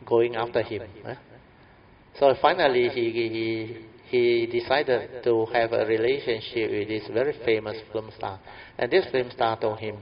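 A man's voice: mid-range voice, slight background noise. A man giving a Buddhist Dhamma talk, telling a story in a chatty, anecdotal way with tag questions and fillers. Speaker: Buddhist teacher. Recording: dull lo-fi recording.

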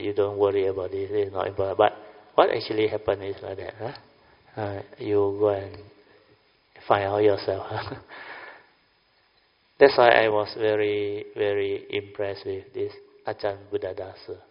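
An older man, a Buddhist meditation teacher, gives a dharma talk in a voice on the low side. He's chatty, constantly checking his audience with "huh?" and "understand or not?". The recording is lo-fi and was made in a reverberant hall.

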